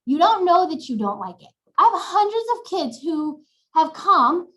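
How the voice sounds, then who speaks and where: High, bright woman presenter; animated webinar teacher, echoey home webcam sound. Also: normal speed. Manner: animated, demonstrating routines aloud. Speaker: workshop presenter.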